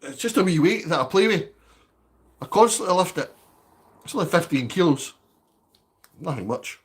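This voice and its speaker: A man's voice: high voice, lively intonation, normal speed. A Scottish man chatting casually on a live stream from his home, reading out viewer comments and asking for likes.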